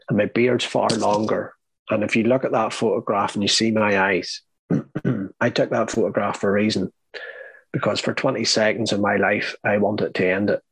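A young man with an Irish accent, telling his own story as an interview guest, earnest and halting, often starting his sentences over. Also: lowish voice, a bit bright, breathy edge, dry recording, low-quality recording. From Ireland. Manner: earnest, halting, with many restarts.

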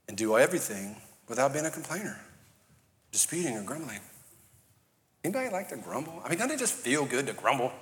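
Bright-voiced preacher in a reverberant hall. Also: male voice, medium pitch. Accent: New Orleans Cajun. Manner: conversational, joking, building to shouting. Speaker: pastor. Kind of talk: sermon. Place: church auditorium.

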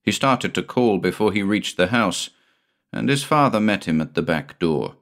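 A man narrating a vintage weird tale in a measured, expressive storytelling manner. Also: on the low side.

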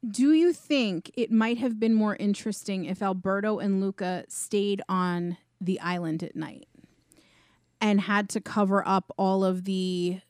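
A woman co-hosting a podcast, chatting casually about a film with quick, wry, questioning remarks. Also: medium pitch, a little mellow, no echo, clean studio sound. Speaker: podcast co-host. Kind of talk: casual film-review chat.

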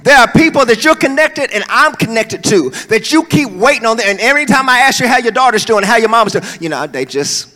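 A male preacher, preaching a sermon and swinging between soaring calls and low, joking asides. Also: animated, fairly quick, few pauses, sharp tone. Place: church hall. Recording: long hall reverb.

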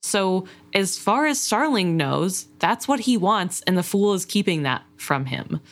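A woman's voice: mid-range voice, very animated, measured pace. A woman discussing a book, thoughtful and sympathetic, often hedging her views.

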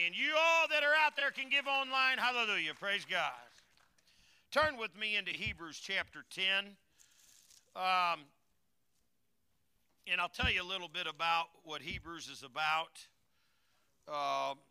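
Older male pastor, high bright voice, folksy joking preacher, sermon in a church. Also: smooth. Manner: folksy, joking, calls to congregation. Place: church sanctuary.

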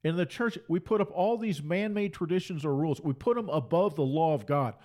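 Fiery preacher, high-pitched. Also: male voice, animated, brisk, mellow. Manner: emphatic, repeats phrases for force. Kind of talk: fiery sermon.

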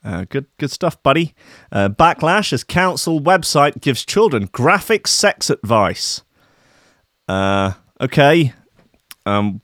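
A man's voice: medium pitch, sing-song, takes it slowly, fairly bright tone, no echo, studio quality. A man hosting a show, chatting in a rambling, profane, joking way. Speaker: show host. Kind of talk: casual chat.

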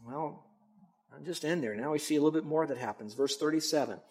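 A man preaching from the pulpit with a slightly higher voice than most men. He teaches earnestly and emphatically, swinging between loud stresses and quiet asides. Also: quick pace, husky. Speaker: pastor. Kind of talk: expository sermon.

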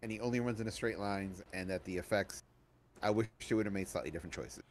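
A man's voice: lowish voice, quick pace, slight background noise. A man co-hosting a podcast, chatting casually about a film with lots of restarts and fillers. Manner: rambling, many restarts and fillers. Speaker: podcast co-host. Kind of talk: casual movie review chat.

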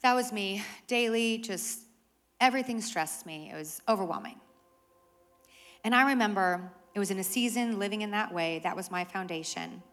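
A woman pastor preaching a sermon to a live congregation, animated and conversational with self-deprecating humor. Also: mid-range voice, moderate pace. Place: church service with live audience.

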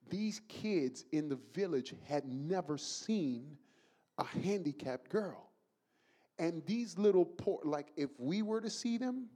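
A man from the Bronx, preaching a sermon as an animated storyteller who laughs through his own story. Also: on the high side. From the Bronx, New York.

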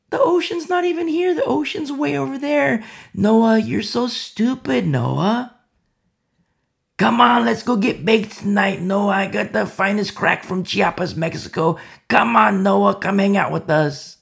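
A loud, jeering scoffer from a party crowd, as a preacher puts him on in a sermon. He taunts in a high, bouncing sing-song that swoops all over the place, with a gravelly edge to it. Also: lively intonation, a little slow, full character voice. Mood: taunting.

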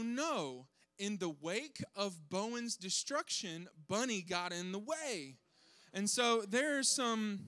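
Animated high-voiced man telling a funny story. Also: clear, resonant tone, no echo. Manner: animated, self-deprecating, acts out his kids' voices. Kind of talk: comedic storytelling to an audience.

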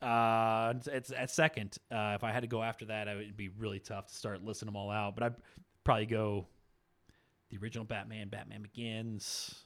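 A man with a bright, forward voice, talking loosely about films as a podcast co-host. He is animated, laughs often and restarts his sentences as he goes. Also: on the low side, fairly quick. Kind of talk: casual movie chat.

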